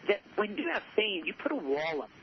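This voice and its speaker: An author from southern California, guesting on an interview about his book, tells stories in an earnest, upbeat way, often restarting and repeating himself. His voice is high-pitched, very animated, and fairly quick, and the audio is muffled with faint noise.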